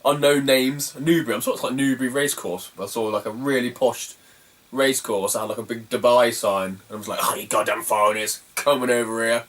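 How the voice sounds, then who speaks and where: Man, casual self-mocking storyteller, mid pitch, voice slightly distant. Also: brisk. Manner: rambling, self-mocking, laughs at his own stories. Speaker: retro game collector vlogger.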